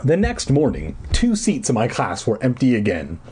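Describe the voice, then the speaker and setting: A man reading a children's book aloud for comedy, dropping deadpan crude asides. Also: mid-range voice, normal speed, breathy edge. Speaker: reader.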